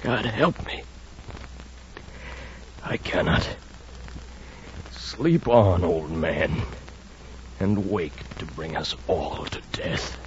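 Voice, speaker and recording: A man's voice: low voice, expressive, drawn-out words, long pauses, heavily acted. An actor playing a tormented first mate torn over what to do about his captain, in a radio drama. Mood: anguished. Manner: brooding, anguished inner struggle. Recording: dull lo-fi radio recording with faint noise.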